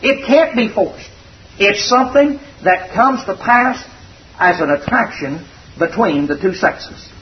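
A man's voice: high-pitched, lively intonation, unhurried, a little hiss or hum. A man preaching a sermon in a folksy, conversational and earnest way. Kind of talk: expository sermon. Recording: dull distant recording.

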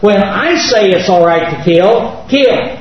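A man's voice: high-pitched, animated, takes it slowly, lo-fi sound, a little hiss or hum. A man voicing a stern divine voice that repeats short commands, recorded far off in an echoey room. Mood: insistent.

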